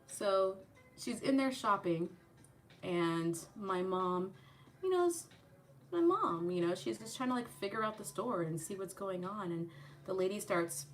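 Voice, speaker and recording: A woman hosting her channel, telling a profane, animated story while doing a makeup tutorial, acting out the people in it. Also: mid-range voice, unhurried, distant mic, faint music behind. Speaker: channel host.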